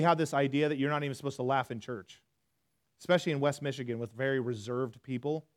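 Conversational pastor preaching. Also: male voice, medium pitch, fast talker. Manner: conversational, self-deprecating, swings from hushed to loud. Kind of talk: sermon. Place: church.

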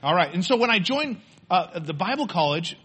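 A man's voice: high-pitched, big pitch swings, normal speed, sharp tone, breathy edge. A man preaching a sermon in church, earnest and storytelling, often restarting his words. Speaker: pastor.

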